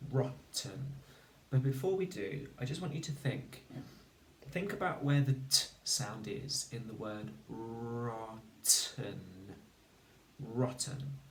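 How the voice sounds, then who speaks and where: Male phonics teacher, slow and deliberate, recorded at a distance in an echoey room. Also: medium pitch, animated, slight background noise. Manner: slow, deliberate, sounding out words. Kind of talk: recorded spelling lesson.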